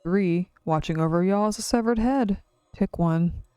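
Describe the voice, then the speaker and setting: A woman's voice: medium pitch, unhurried, mellow, smooth, no room sound, close to an everyday voice. A woman voicing a mocking, cruel man who taunts his captives in a sing-song, quiz-show way. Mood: taunting.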